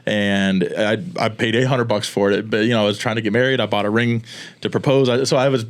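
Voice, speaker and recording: A man from Florida hosting a casual podcast, telling stories quickly with frequent laughs. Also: lowish voice, steady tone. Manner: fast, laughing storyteller. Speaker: podcast host.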